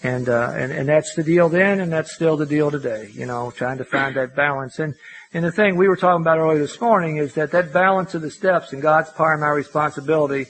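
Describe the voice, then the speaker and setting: An older man speaking at a recovery meeting, voice sitting a touch high. He tells his story in a loose, folksy way, full of "you know"s and wry self-mockery. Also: a little fast, a bit bright, low-quality recording. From Louisville, Kentucky.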